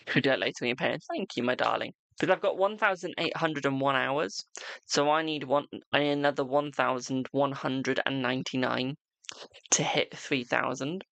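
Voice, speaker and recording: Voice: medium pitch, a bit bright, dry recording. A tarot reader chatting on a live stream at home, reading cards for viewers and calling them "my darling" between frequent laughs. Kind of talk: casual live-stream chat and card reading.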